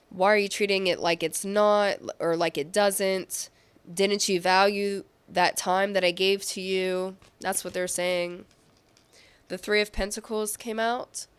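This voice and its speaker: A woman's voice: mid-range voice, smooth. A woman giving a casual tarot reading, talking in a loose, rambling way and correcting herself as she goes. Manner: rambling, self-correcting, with fillers. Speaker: tarot reader.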